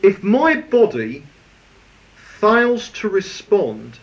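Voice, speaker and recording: A man preaching a sermon in a lively, conversational way with touches of humor. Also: high voice, extremely slow. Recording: dull lo-fi recording.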